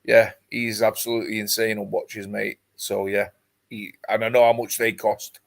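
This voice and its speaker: A man's voice: fairly low pitch, little pitch movement, moderate pace, vocal fry. A man hosting a casual livestream, chatting with many fillers and reading out viewer comments. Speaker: livestream host. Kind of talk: casual chat.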